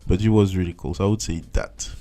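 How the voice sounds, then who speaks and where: A young man from France, French accent, recounting his volunteering days in a relaxed interview. His voice sits a little low, and he acts out his old thoughts with big jumps in pitch and exclamations. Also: fast talker. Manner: animated, acts out his own past thoughts in swooping voices. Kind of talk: casual interview storytelling.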